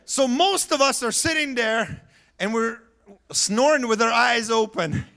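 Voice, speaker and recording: A man preaching a sermon as pastor, telling stories in a lively way, laughing and acting out what people said. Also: very high-pitched, measured pace, vocal fry. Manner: animated storytelling with laughter and acted-out voices. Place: church sanctuary.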